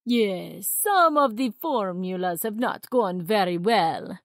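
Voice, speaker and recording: A woman voicing a frantic, excitable male mad scientist in a children's storybook reading, exclaiming loudly. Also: slow pace, no echo, clean studio sound. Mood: excited, manic. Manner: loud, exclaiming, with big leaps in pitch.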